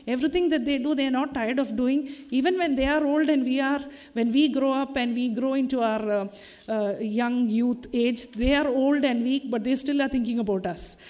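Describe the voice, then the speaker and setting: Woman preacher, mellow, chatty sermon delivery, long hall reverb. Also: high-pitched, moderate pace. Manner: tag questions, conversational preaching.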